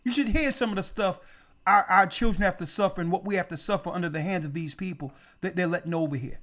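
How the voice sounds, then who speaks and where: A man speaking as a church elder, telling a testimony in an animated conversational way and repeating words for emphasis. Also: high voice, quick pace.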